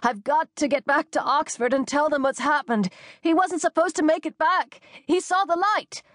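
A woman's voice: sits high, normal speed, a bit bright, no room sound, studio quality, pitched above the performer's own voice. A woman doing a frantic young man, pleading. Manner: pleading, urgent. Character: young male American time traveler, frantic. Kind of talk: audiobook character voice.

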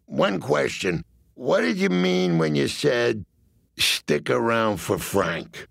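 A man voicing a blunt, suspicious male mob associate in a comic audiobook story, asking slow, probing questions. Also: mid-range voice, expressive, creaky, no room sound, clean studio sound, exaggerated voice.

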